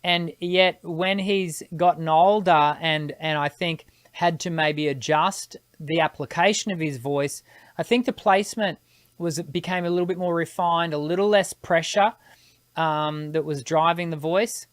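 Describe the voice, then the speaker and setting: A woman hosts a live singing Q&A and answers viewers' questions as she thinks them through out loud. Her voice sits on the lower side for a woman. She is recorded close to the mic in a dry room with no echo. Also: a little slow. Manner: thinks aloud, explanatory, with technical vocal terms. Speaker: singing teacher hosting a live Q&A.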